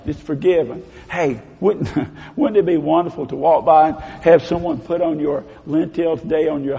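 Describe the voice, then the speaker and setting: A man preaching a sermon, swinging between loud emphatic proclaiming and hushed low tones and leading the congregation in call-and-response. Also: creaky. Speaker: pastor. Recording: long hall reverb.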